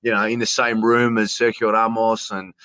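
Chatty Australian man, lowish dry voice. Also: flat delivery, moderate pace, sharp tone, smooth, no echo. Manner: chatty, restarts a lot, says "mate". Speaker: ring announcer and presenter. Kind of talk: casual interview storytelling.

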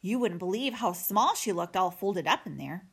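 A woman's voice: lowish voice, expressive, normal speed, fairly bright tone, husky, exaggerated voice. A woman voicing a friendly female otter who chats in a casual, easygoing way. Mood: chatty. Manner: casual, chatty.

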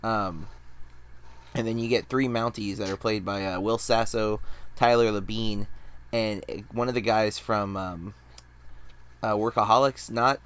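A man's voice: fairly low pitch, fairly even intonation, unhurried, pauses often, fairly bright tone, clean tone. A man hosting a movie podcast, chatting casually with lots of fillers and restarts. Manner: rambling, many fillers and restarts. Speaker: podcast host.

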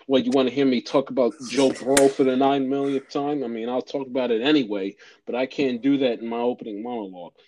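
A teenage man co-hosting a casual podcast, talking quickly and excitedly and often repeating himself. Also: mid-range voice, muffled recording, slight background noise. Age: teens. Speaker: podcast co-host. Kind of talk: casual chat.

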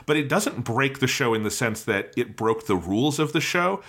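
A man's voice: medium pitch, lively intonation, normal speed, fairly bright tone. A man casually discussing an anime episode as co-host, enthusiastic and reflective. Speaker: podcast co-host.

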